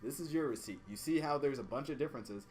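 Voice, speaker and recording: A young man, podcast co-host, telling a work story in a casual, profane, animated way and acting out both sides. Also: medium pitch, fast.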